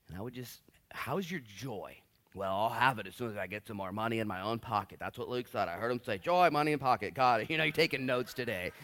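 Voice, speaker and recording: A man in his late thirties preaching a sermon, telling stories and acting out quotes with big swings between loud and quiet. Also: mid-range voice. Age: 30s. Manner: animated storytelling, big swings in loudness, acts out quotes. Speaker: pastor.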